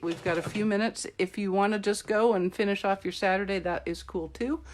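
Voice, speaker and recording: A middle-aged woman chatting and joking with viewers while she shows how to make a card. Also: mid-range voice. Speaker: card-making demonstrator. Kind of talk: live-streamed craft tutorial chat.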